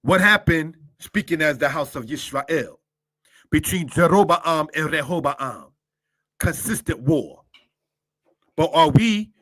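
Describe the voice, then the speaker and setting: Here the Torah teacher sounds bright and forceful, his pitch on the high side and slightly raised as he teaches scripture in a preacherly manner. He breaks down the Hebrew word by word, asks question after rhetorical question, and speaks to his brothers and sisters in a close, echo-free recording.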